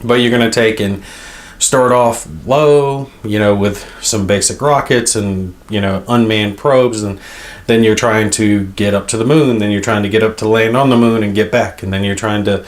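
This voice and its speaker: A man's voice: on the low side, fairly even intonation, normal speed. A man hosting a board game channel, talking casually and thinking aloud as he unboxes a game. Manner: rambling, thinking aloud as he handles items.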